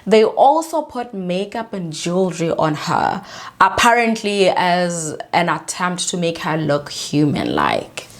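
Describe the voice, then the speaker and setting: A woman's voice: on the low side, very animated, slow pace. A woman hosting a video, narrating a true story in a casual, emphatic way with indignant asides. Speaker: video host.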